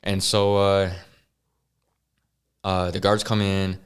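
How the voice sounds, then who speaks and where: A man as a podcast guest, earnestly telling a personal story with halting restarts and sighs. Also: deep voice, level tone, clear, resonant tone. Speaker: interview guest.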